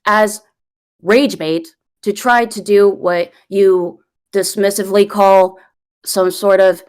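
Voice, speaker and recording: A woman's voice: mid-range voice, fairly even intonation, takes it slowly, a little mellow, clear, resonant tone. A woman in her early thirties on a voice call, arguing heatedly, rambling, swearing and defending herself. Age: early 30s. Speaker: content creator being interviewed. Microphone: computer mic on a voice call.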